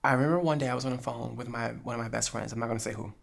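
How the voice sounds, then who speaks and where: Gravelly-voiced woman from New Jersey. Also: very deep voice, racing. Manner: animated, acts out quoted dialogue, frequent laughs. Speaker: podcast host. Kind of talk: casual storytelling chat.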